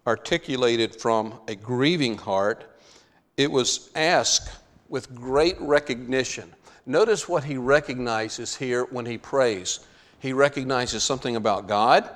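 A man preaching a sermon, stretching out key words for dramatic emphasis. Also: mid-range voice. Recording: long hall reverb.

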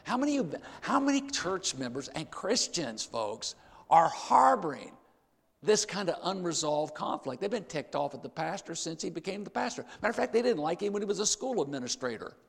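A man's voice: sits high, very animated, moderate pace, creaky, in a large hall. An older man preaching a sermon, emphatic, repeating key phrases and speaking straight to the congregation.

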